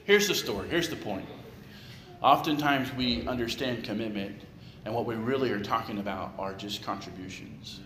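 A man's voice: fairly low pitch, moderate pace, a bit bright. A male pastor giving a conversational sermon, tossing in jokes and rhetorical questions. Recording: echoey room with clear background noise.

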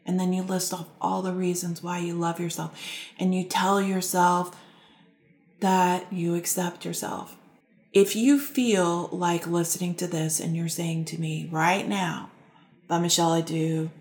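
A woman life coach gently guiding listeners through self-reflection, talking calmly with slow pauses. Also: fairly low pitch, roomy sound. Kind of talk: guided self-help talk to listeners.

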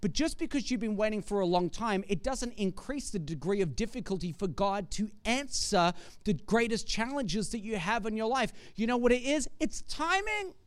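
A man's voice: high voice, normal speed, few pauses, clean tone, no echo. A man preaching a sermon with conversational, jokey storytelling.

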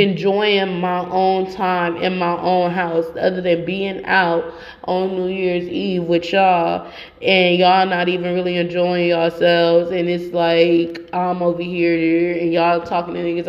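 Profane young woman podcaster, reverberant. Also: medium pitch. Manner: profane, rambling, emphatic storytelling. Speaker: podcast host. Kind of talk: casual monologue. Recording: dull sound with long reverb.

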